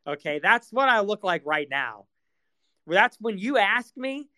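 Ranting, profane man with a lively high voice. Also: a little slow, low-quality recording. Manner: mocks others in high whiny voices. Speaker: streamer hosting live audio spaces. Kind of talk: casual monologue.

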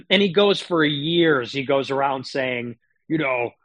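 A man's voice: medium pitch, lively intonation, takes it slowly, fairly bright tone, no echo. A man streaming political commentary, talking in a sarcastic, mocking, casual rant. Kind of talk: casual ranting monologue.

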